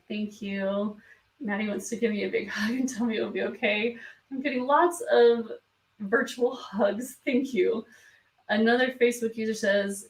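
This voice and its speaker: A woman hosts a live stream, reading comments in a soft, hesitant voice full of ums. She is emotional and near tears, and her voice has a gravelly edge. She sits back from the mic in an echoey room. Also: mid-range voice. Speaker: beauty vlog host. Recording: roomy sound from a distance from the mic.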